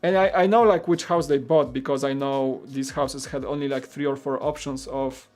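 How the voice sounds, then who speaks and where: A man's voice: mid-range voice, fairly even intonation, normal speed, darkish tone, soft background music. A man hosting a live building stream, chatting casually in a rambling way with lots of filler words and greeting viewers' comments. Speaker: live-stream host building a toy set.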